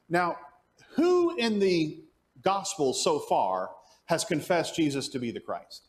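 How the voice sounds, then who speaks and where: A man leads an adult Bible class in a church classroom. His pitch rises and falls with a lively range. He poses questions to the room and answers them himself, and he often stumbles and restarts as he thinks. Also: slow pace. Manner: thinks aloud with frequent restarts. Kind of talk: Sunday morning Bible class teaching.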